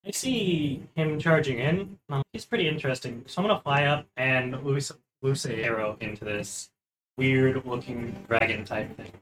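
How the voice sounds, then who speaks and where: A player in a tabletop game who asks questions in a relaxed way and laughs off their own mistakes. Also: medium pitch, normal speed, a crowd in the background, poor audio. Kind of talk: casual tabletop game play.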